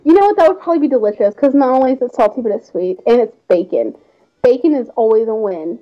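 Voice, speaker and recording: A woman's voice: fairly high pitch, lively intonation, fast talker. A young woman hosting a game livestream, chatting in a bubbly, giggly way. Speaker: livestream host. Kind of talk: casual game-stream chat. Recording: slightly muffled stream audio.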